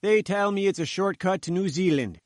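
A fat little pushy reporter , as a male narrator puts him on, sputters in a high, strained voice. He talks back with cheek and indignation. The sound is dry and close. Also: moderate pace, dry recording, close to an everyday voice. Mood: wheedling.

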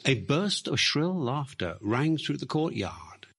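A man reading a story aloud in a dramatic, expressive way, dropping to hushed asides. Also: medium pitch, slow pace, husky. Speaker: narrator.

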